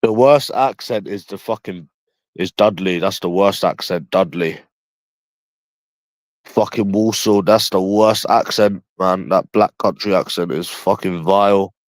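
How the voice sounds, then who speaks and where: A young man from London rambles through a casual livestream, blunt and quick to swear. His voice sits a bit low, and the sound is dry and close with no room echo.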